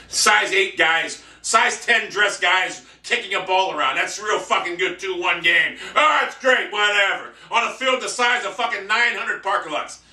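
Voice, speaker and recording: A man ranting brashly and profanely in a monologue vlog, boasting loudly. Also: high-pitched, expressive, measured pace, far from the mic. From United States. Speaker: vlogger. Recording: echoey room, off-mic.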